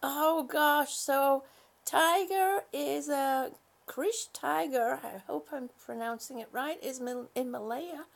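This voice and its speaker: A woman's voice: high voice, slow pace, vocal fry. A woman chatting casually on a live stream, greeting viewers one by one with affectionate pet names and rambling with fillers and restarts.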